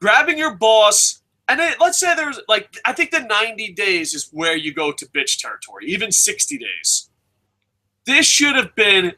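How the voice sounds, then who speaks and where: Casting: brash man, bright tense voice, profane heated rant, fairly high pitch. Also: very animated, a little slow. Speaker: wrestling news show co-host. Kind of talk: profane ranting chat.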